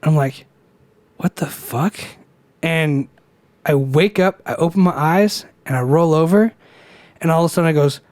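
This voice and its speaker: A man's voice: a little high, moderate pace, long pauses, a little mellow, no echo. Rambling, profane young man telling a story. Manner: rambling storyteller, swears freely, acts out quoted voices. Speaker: podcast co-host. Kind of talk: casual chat.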